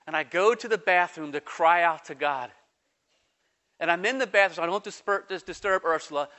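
A man delivers a sermon in a high, bright voice, telling a personal story in quick, animated bursts. He slows right down whenever he reads scripture aloud. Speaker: pastor.

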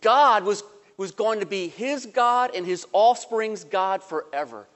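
Pastor, male, high voice, sermon with stories, hushed to emphatic, church reverb. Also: lively intonation, unhurried. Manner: storytelling, swings between soft and emphatic.

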